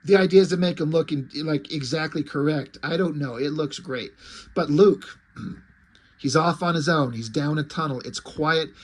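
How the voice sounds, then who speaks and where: Male comic reviewer, laid-back, profane, lots of ums. Slightly high voice. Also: normal speed. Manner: casual and profane, with many fillers. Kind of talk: casual chat.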